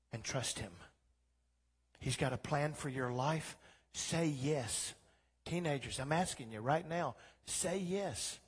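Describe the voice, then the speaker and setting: A man preaching a sermon as pastor, swinging from quiet talk to loud, impassioned exhortation. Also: a little high, husky, big-room sound. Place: church sanctuary.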